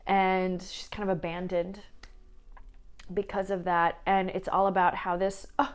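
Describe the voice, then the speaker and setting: A young woman chatting casually as a book vlogger, emotional and quick to laugh and tear up. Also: on the low side, level tone. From small town, Midwest US. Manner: chatty, emotional, laughs and tears up while talking. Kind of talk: casual chat.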